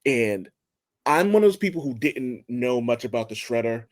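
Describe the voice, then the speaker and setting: Man, podcast co-host, excitable, acts out quotes, casual, mid pitch. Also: normal speed. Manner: excitable storyteller, acts out quotes, swears freely. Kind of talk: casual chat.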